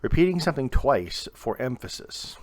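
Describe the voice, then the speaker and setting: A young man from Southern Ohio giving a short video sermon to camera, earnest and emphatic, slowing down and pausing to stress key words. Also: mid-range voice, sing-song, a little mellow. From Southern Ohio, USA. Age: young adult. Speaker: preacher.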